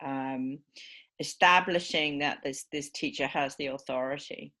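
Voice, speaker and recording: A woman with a low-pitched voice gives a university lecture at an unhurried, measured pace. She explains points carefully, often pausing on "um" and checking in with listeners using a questioning "right?". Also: pushed and bright. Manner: frequent filler "um" and small restarts.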